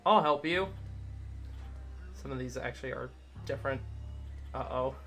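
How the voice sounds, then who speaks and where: Bright-voiced male game streamer. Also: medium pitch, moderate pace, faint music behind. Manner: chatty, answers chat and coos at his dog in baby talk. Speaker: livestreamer. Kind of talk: casual live game commentary.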